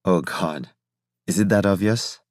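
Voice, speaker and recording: A shy young scientist, flustered and lovesick, stumbling over his words in an audiobook scene, as a male narrator reads him. His voice is low and recorded dry and close. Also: a little mellow, no echo. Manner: hesitant, halting, unsure.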